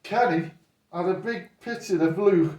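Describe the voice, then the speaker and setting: The audio is dull, and the older man, a boxing coach guest, is recorded from a distance, off-mic in an echoey room. Speaking unhurriedly in a high-sitting voice, he tells rambling stories in casual conversation, animatedly acting out the voices of the people in them.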